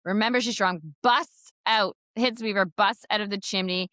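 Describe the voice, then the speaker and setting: A woman co-host tells a story in a loose, rambling chat, dropping "like" everywhere and acting out the characters' lines. Her voice is bright and forward, recorded close and dry with no room sound. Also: mid-range voice, moderate pace, no echo. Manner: rambling retelling with many "like"s and acted-out quotes. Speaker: podcast co-host. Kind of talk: casual book recap chat.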